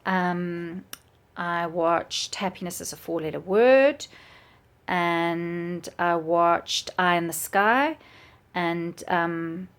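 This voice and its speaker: A woman's voice: on the low side, very slow, a bit bright, smooth. A middle-aged woman, chatting casually and enthusiastically with lots of ums. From South Africa. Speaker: book vlogger and author. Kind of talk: casual chat.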